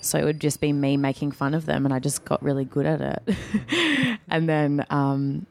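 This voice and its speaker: A young woman in her twenties, chatting casually about her performing work, self-deprecating and lively whenever she quotes herself. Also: deep voice, moderate pace, creaky, a little hiss or hum. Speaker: guest, performer and MC. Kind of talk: casual chat.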